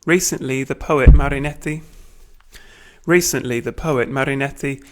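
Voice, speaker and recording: A British man reading a manifesto aloud at a deliberate pace, breaking off for wry asides and small self-corrections. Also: medium pitch. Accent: British English. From Britain. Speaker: reader of a manifesto.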